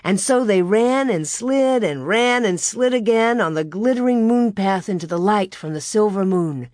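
A woman reading a children's story aloud in a slow, gentle narration. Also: mid-range voice, expressive, dry recording, clean studio sound. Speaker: reader.

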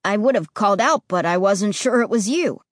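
A woman voicing a secretive young boy out at night who speaks in a low, threatening, commanding way. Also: expressive, moderate pace, no room sound, studio quality, natural voice. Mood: soft.

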